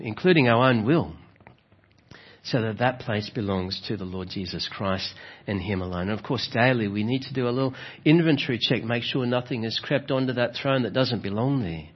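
A man preaches a reflective sermon in a husky, breathy voice, often turning his points into soft rhetorical questions. His pitch sits at an ordinary middle height for a man. The recording is slightly dull and lo-fi. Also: normal speed. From Australia. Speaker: pastor.

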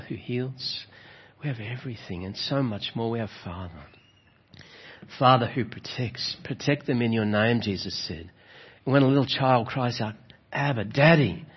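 A man preaching a gentle, reflective sermon, often adding rhetorical tag questions. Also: on the low side, breathy edge. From Australia. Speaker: pastor. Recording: slightly dull, lo-fi sound.

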